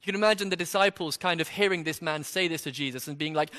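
A man preaches through a passage in an easy, conversational sermon, tossing out rhetorical questions as he goes. His voice is bright and forceful and sits a little high. A long reverb trails behind him. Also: fast talker, few pauses.

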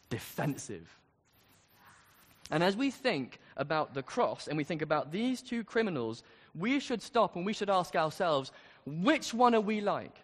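A man preaching a sermon, speaking earnestly and building to emphatic questions. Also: a little high. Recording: long reverb of a large hall.

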